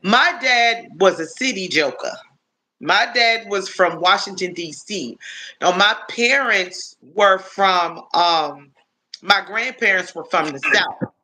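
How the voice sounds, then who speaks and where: A woman's voice: mid-range voice, animated, takes it slowly, sharp tone, low-quality recording. A woman in her fifties chatting casually on a live stream, rambling through stories with lots of restarts. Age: 50s.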